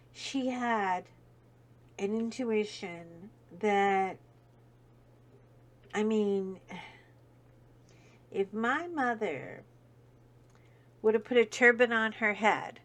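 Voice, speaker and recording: A woman hosting a chat video, telling a heartfelt personal story in a rambling way with many fillers. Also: medium pitch. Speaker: host. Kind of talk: casual storytelling.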